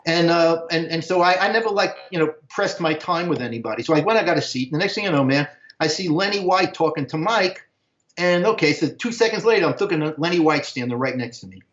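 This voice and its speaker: A man's voice: on the high side, animated, quick pace, fairly bright tone. Rambling older man, echoey lo-fi audio. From United States. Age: 60s. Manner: rambling, slangy, keeps saying "man". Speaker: interview guest. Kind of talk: casual storytelling.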